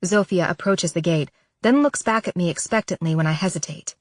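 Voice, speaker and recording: A woman narrating a novel in the first person, measured, soft and reflective, at a close studio microphone. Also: on the low side, dry recording. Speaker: audiobook narrator.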